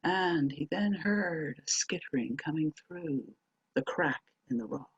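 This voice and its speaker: A woman telling a folk tale aloud, dramatic, moving between hushed and emphatic delivery. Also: deep voice, lively intonation, measured pace, husky, no echo, dull audio. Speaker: storyteller. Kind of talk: oral folk-tale storytelling.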